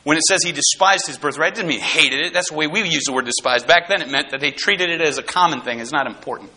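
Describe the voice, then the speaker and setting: A man preaching a sermon, fervent and folksy, repeating words and rising to shouts on key points. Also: fairly high pitch, fast talker.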